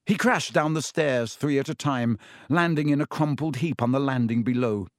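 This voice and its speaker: A man narrating a children's fantasy audiobook with an expressive storytelling manner. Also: mid-range voice, moderate pace, dry recording, studio quality. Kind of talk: scripted narration.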